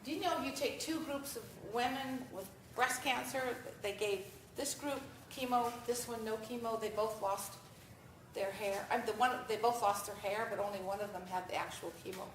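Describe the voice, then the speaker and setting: An American woman giving a talk at an event, telling stories with animated quoted voices, asking for the next slide. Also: fairly high pitch, normal speed, slight background noise. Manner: animated storytelling, acts out quotes. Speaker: vegan speaker giving a talk. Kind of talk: conference presentation with slides. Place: event hall at a festival. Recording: echoey hall, distant mic.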